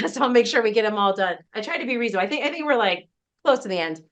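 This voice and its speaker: A woman's voice: on the high side, expressive, racing. A woman business coach presenting a casual webinar, chatty and emphatic, often laughing between points.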